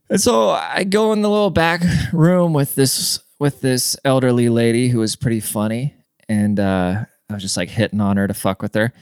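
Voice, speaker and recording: In a clean, dry studio recording, a young podcast host with a clear, resonant mid-range voice rambles through a profane story. His casual monologue is full of restarts and "dude."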